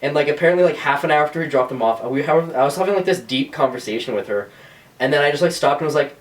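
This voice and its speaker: A man's voice: a little high, quick pace, recorded from a distance. A man co-hosting a podcast in casual chat, telling stories with lots of swearing and put-on voices. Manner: swears a lot, animated storytelling with voices. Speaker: podcast co-host.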